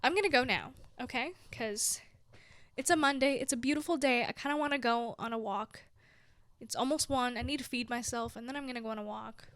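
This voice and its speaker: A woman's voice: a little high, a little fast, fairly bright tone, no echo. A woman in her twenties hosting her own show, talking casually and heartfelt to her listeners, effusive and giggly. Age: 20s. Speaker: podcast host. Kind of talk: casual solo talk to listeners.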